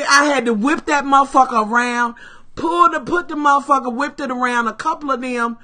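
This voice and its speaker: Woman, bright ringing tone, casual profane storytelling, animated. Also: high-pitched. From Kentucky, USA. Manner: profane, animated, addresses viewers as "y'all" and "babies". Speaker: live streamer.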